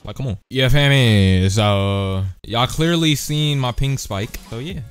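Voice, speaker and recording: A young man giving casual gameplay commentary, excitable and slangy, yelping and shouting in fights. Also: mid-range voice, measured pace, clear, resonant tone, soft background music. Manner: slangy, tags lines with "bro". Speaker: gaming streamer.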